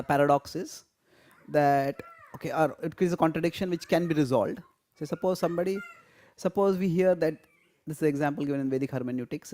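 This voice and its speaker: A man's voice: fairly high pitch, mellow. A man teaching a live class on scripture, explaining step by step, stressing key words and laughing often. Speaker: spiritual teacher.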